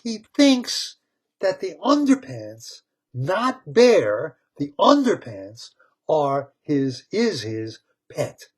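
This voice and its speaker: A man retelling a story with excitement, repeating words, laughing and tripping over tongue twisters. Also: fairly high pitch, drawn-out words, husky.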